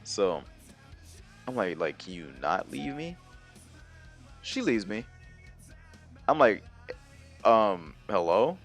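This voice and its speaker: Taking it slowly and leaving long pauses, a young man with a lowish voice shares a personal story over soft background music. This storyteller vlogger is casual and slangy, rambling with many fillers and animated quoted exchanges.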